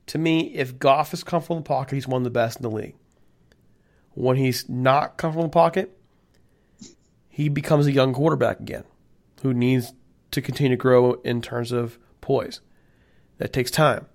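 Male podcast co-host, mid-pitched, chatty and animated, quick to laugh. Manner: animated, laughs easily, teasing. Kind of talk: casual sports podcast chat.

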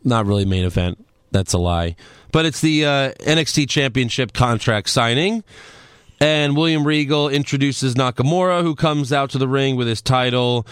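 A man's voice: mid-range voice, normal speed, fairly bright tone, clear, resonant tone, no echo. A man co-hosting a casual podcast, recapping events in a laid-back way with dry jokes. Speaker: podcast co-host recapping wrestling. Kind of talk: casual chat.

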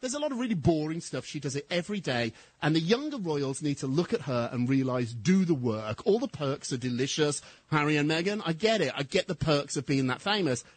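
A middle-aged English man, a gossip columnist, chatting as a guest on a radio talk show in an animated, camp, gushing way. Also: fairly high pitch, fairly quick, hardly any pauses, no room sound.

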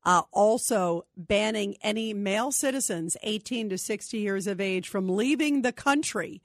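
A woman's voice: mid-range voice, moderate pace, dry recording, clean studio sound. A woman hosting a call-in talk radio show, speaking in an emphatic, indignant manner. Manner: emphatic, indignant, reads phone number repeatedly. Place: radio studio.

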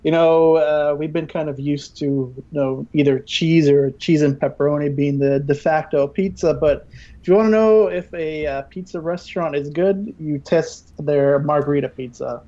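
A man's voice: a little high, steady tone, moderate pace, mellow, muffled recording. A man playing a guest cook on a pretend cooking show, joking and rambling with lots of fillers. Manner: playful, rambling with many fillers. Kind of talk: improvised mock cooking show chat.

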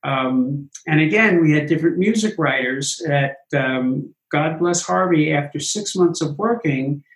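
A Broadway producer in an interview tells his stories with energy and acts out other people's lines. His voice sits a little high for a man. The room around him echoes. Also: measured pace. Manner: animated anecdotes, acts out quotes. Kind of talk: interview storytelling.

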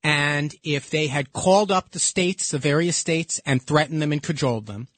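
Heated, higher-voiced male radio host. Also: moderate pace, dry recording. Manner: heated and emphatic, repeats himself when excited. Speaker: radio talk show host. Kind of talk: call-in radio talk. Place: radio studio. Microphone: studio microphone.

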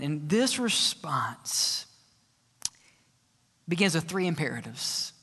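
A man's voice: high voice, bright, forceful tone. A man preaching a sermon as pastor, earnest and emphatic, often asking his listeners questions. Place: church sanctuary. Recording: reverberant church sanctuary.

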